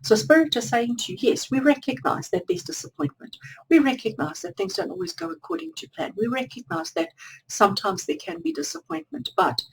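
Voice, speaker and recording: A woman's voice: high voice, creaky, a little hiss or hum, rough recording. A woman giving a spiritual tarot reading to viewers, repeating phrases in long chains. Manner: repetitive, lists phrases in chains. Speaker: tarot card reader.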